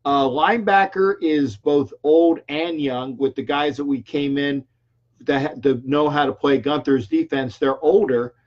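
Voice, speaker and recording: Older male call-in host, chatty and rambling, fairly high voice, dull lo-fi sound. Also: fairly even intonation, measured pace. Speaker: radio call-in show host. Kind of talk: casual call-in sports talk. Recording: dull lo-fi stream audio.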